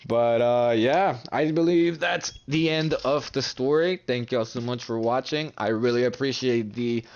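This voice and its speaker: A man's voice: mid-range voice, a little slow, muffled recording, a little hiss or hum. A young man telling a casual, profane storytime in a vlog, acting out his friends' lines with lots of energy. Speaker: storytime vlogger.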